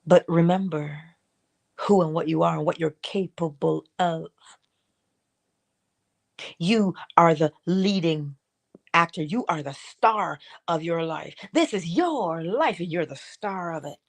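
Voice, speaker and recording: Middle-aged female host, low-pitched, theatrical and insistent, spiritual pep talk. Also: gravelly. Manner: expressive, swings between high acted asides and low soft remarks; repeats and exhorts, drawn-out emphasis. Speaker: host of a morning inspiration stream.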